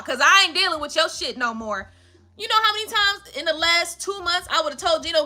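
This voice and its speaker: A woman's voice: very high voice, lively intonation, a little fast, sharp tone. A woman giving a tarot reading on a live stream. She talks bluntly in casual chat, swears freely and laughs often.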